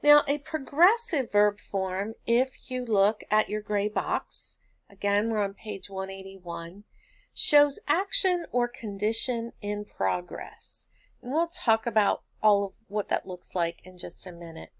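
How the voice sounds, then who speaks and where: A woman giving a grammar lesson at an unhurried, measured pace, patient and methodical, building each point from simple everyday examples. Her voice sits at a middle pitch and is recorded close and dry, with almost no room sound. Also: expressive, no room sound. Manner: patient, explains step by step with homely examples. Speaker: teacher.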